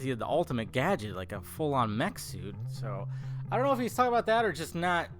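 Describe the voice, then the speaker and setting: A man vlogging casually about film news, rambling with fillers and restarts in a tired morning voice. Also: on the high side. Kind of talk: casual movie news chat.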